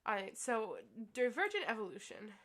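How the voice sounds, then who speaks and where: A woman's voice: a little high, very animated, moderate pace, a bit bright. A woman voicing a cheeky, joking teenage schoolgirl who clowns through a class presentation in a video game story. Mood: playful. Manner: playful, joking, silly voices.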